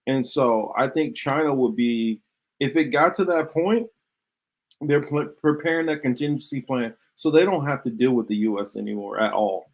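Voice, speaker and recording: A man's voice: medium pitch, normal speed. A man in a mid-range voice co-hosting a podcast. He talks in a hesitant way, with many ums and restarts. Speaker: podcast co-host. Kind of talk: casual podcast chat.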